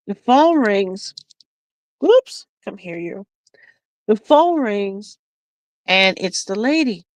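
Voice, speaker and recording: A woman hosts a casual beading livestream, telling a family story full of laughter and restarts as she works. Her voice is medium-pitched, with no echo, but the audio is poor.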